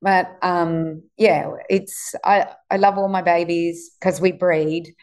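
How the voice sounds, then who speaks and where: A woman's voice: fairly low pitch, steady tone, slow, darkish tone. A woman in her sixties who owns a farm, telling rambling stories in casual chat. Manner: rambling, chatty storyteller with fillers. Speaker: farm owner.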